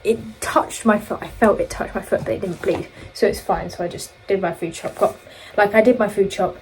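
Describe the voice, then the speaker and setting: A woman's voice: mid-range voice, steady tone, a little fast, noisy background. Rambling young woman telling a storytime. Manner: rambling, self-correcting, chatty. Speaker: vlogger. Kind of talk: casual storytime chat.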